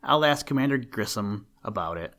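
A man reading aloud and voicing a stern, calm scientist father with a grave, steady delivery. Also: fairly low pitch, normal speed. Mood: firm. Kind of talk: storybook reading.

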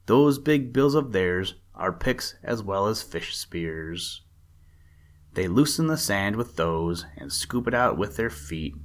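A man's voice: lowish voice, expressive, takes it slowly. A man voicing a grinning old male frog in a storybook reading, teasing and matter-of-fact.

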